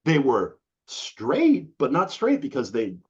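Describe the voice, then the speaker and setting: A middle-aged New England man talks slowly in a husky, slightly breathy medium-pitched voice as a guest in a casual interview. He tells animated stories with casual slang, acting out the quotes, on a dull, lo-fi recording.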